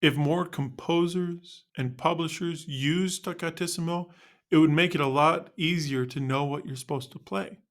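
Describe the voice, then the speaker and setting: A male music teacher narrating a scripted lesson on articulations in a clear, instructional way. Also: a little high, normal speed.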